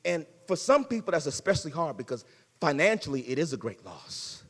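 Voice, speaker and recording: Animated preacher in an echoing hall. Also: male voice, high voice, a little fast. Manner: animated preaching, swings from loud to hushed; conversational, folksy phrasing. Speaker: pastor. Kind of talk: sermon. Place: church sanctuary.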